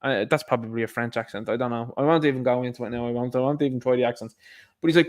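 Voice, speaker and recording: A man's voice: mid-range voice, rapid-fire. A man with an Irish accent hosting a casual commentary show, sarcastic and rambling with many asides.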